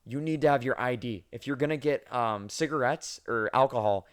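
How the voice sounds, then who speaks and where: A young man hosts a casual podcast, telling his stories in a loose, animated way with plenty of swearing. His voice sits at an ordinary middle pitch for a man. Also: moderate pace. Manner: profane, animated storyteller. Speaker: podcast host.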